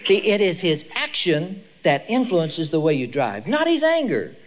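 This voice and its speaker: An older man giving a lecture to a live audience, telling stories with emphasis. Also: sits high. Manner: storytelling, emphatic, lively delivery. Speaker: speaker on child discipline.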